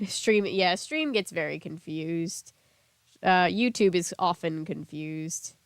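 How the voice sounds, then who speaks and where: A woman's voice: lowish voice, lively intonation, takes it slowly, clear, resonant tone, no echo. A young woman streamer chatting casually with her viewers, sounding a little sick with a lingering cough and laughing often. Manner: chatty, laughs often, reads chat aloud. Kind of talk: casual live-stream chat.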